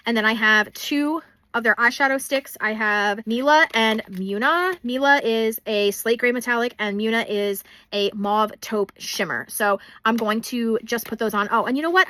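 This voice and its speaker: A woman's voice: fairly high pitch, bright, forceful tone, no echo. A young woman chatting casually as she swatches makeup in a vlog, gushing over products. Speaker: beauty vlogger.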